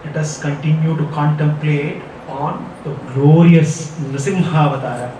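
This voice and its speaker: A man's voice: fairly high pitch, level tone, unhurried, noisy background. Man giving an echoey scripture talk. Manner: storytelling, chants verses. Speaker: spiritual teacher. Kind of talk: devotional scripture discourse. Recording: echoey room, mic far off.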